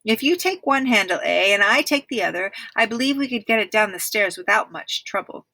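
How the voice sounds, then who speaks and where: A woman's voice: mid-range voice, expressive, a little fast, bright, forceful tone, no echo. A woman reading aloud, voicing a practical, matter-of-fact twin boy. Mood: eager.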